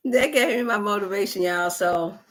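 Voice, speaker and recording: A woman hosts a wellness talk. She tells a personal testimonial in an animated way, with sighs and exclamations throughout. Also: mid-range voice, moderate pace. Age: 50s. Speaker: wellness show host. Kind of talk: testimonial storytelling.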